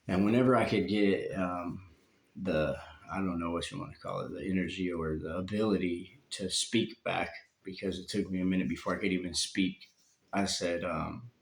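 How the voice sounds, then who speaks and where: A man with a very low, gravelly voice, telling a painful story from his own life. He speaks haltingly and heavily, with long pauses. The sound comes from a phone in a roomy space with some echo. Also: steady tone. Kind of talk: personal storytelling.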